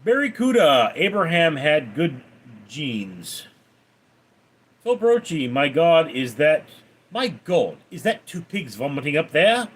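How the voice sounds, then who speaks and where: Unhurried and slightly rough, a man runs a casual Q&A on his livestream. He announces donor names and questions in a lively, raised voice, and his answers come out flat and low.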